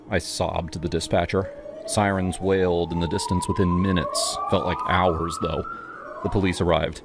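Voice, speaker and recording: A man's voice: sits low, level tone, moderate pace, over music. A man reading a scripted first-person horror story in a dramatic, tense way.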